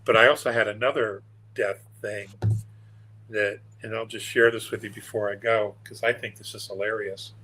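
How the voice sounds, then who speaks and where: Older man, husky voice, lowish pitch, meandering and wry, interview guest. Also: a bit bright, rough recording. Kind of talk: casual storytelling interview.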